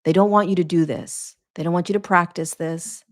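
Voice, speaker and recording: This woman hosts her own podcast as a spiritual teacher, speaking briskly in a fairly low pitch with a steady tone. Earnest and emphatic, she preaches in a cadence full of repeated phrases meant to add weight.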